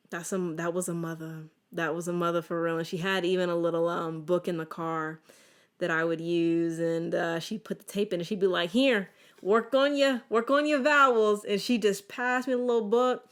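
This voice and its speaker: A young adult woman hosting a casual solo podcast, telling animated stories with lots of restarts. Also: on the low side, clean tone. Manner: animated, chatty storytelling with many restarts. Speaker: podcast host.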